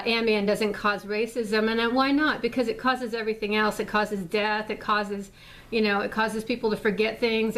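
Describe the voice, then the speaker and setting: A woman vlogger ranting casually to her viewers, rambling and exasperated, with frequent swearing and fillers. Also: a little high. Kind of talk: casual rant to camera.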